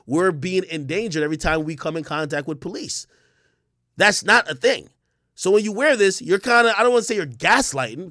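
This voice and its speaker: A man's voice: fairly high pitch, a bit bright, dry recording, studio quality. A man hosting a casual commentary livestream, talking bluntly and emphatically, with plenty of swearing and repetition. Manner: blunt, profane, emphatic, repeats himself. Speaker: livestream host.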